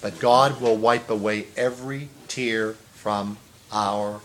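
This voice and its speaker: A man's voice: lowish voice, steady tone, slow, a bit bright, a little hiss or hum. A man preaching an earnest sermon, stressing phrases, repeating words and rising to exclamations. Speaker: pastor.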